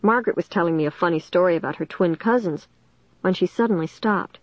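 Low-voiced woman narrating an audiobook. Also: fast, no room sound, muffled recording. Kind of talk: first-person audiobook narration.

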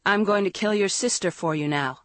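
A woman voicing an eerily calm, menacing teenage girl in an audiobook, speaking softly and sinisterly. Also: medium pitch, fairly quick, no echo, close to an everyday voice. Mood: calm menace. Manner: soft, sinister, sometimes whispered. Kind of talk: audiobook character reading.

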